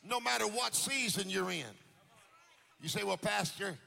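A man preaching a sermon in church in a sing-song cadence that climbs into shouts. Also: sits high, moderate pace, vocal fry. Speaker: pastor. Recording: long hall reverb with faint music.

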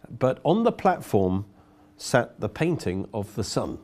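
A man's voice: on the low side, sing-song, slow, darkish tone. A man preaching a sermon, telling a story earnestly and often repeating words as he goes.

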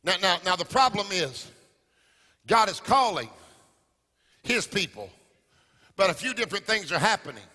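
High, bright-toned preacher with a gravelly edge. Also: male voice, sing-song, moderate pace, long pauses. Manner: chanting, sing-song preaching with shouted peaks. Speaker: pastor. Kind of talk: sermon. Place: large church. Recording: church hall reverb with music.

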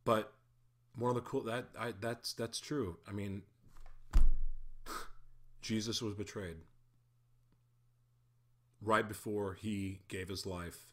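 A man's voice: fairly low pitch, fairly even intonation, slow pace, pauses often. A man in a casual spoken faith reflection, candid and self-deprecating, who chuckles often and stumbles over his words.

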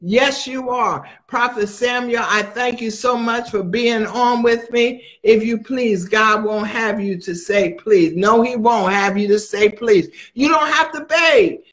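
A man's voice: very high voice, unhurried, hardly any pauses, a bit bright. A man preaching a sermon, emphatic and repeating phrases for stress.

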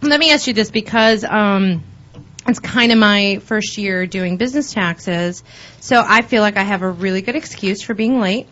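A woman's voice: medium pitch, moderate pace, fairly bright tone, highs cut off. A woman co-hosting a casual talk show, playful and teasing. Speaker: co-host. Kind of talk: casual chat.

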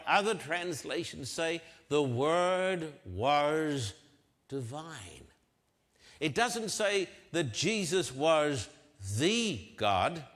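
Slow, emphatic older male preacher. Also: fairly high pitch, a bit bright. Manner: slow emphatic preaching, repeats key phrases. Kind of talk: sermon. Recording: long reverb of a large hall.

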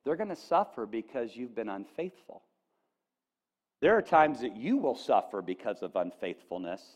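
A male pastor preaching a sermon, animated and folksy, with asides to the congregation, and rising to near-shouts on quoted lines. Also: mid-range voice, moderate pace. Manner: folksy asides, addresses audience with "okay?".

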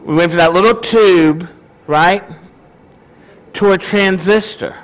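A man's voice: high-pitched, slow pace, low-quality recording. A male pastor giving a casual, conversational sermon and often asking his congregation questions.

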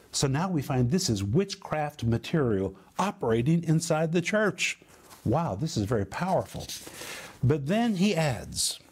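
Preaching an emphatic sermon, this man spells out the meanings of Greek words and builds long lists with rising force. His voice is medium in pitch with a darkish tone.

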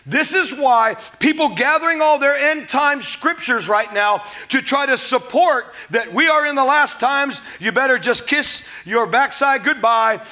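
A man with a high, bright, cutting voice preaches a sermon. He is animated, throws rhetorical questions at his listeners and acts out little quotes. He laughs at his own jokes as he goes. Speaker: pastor.

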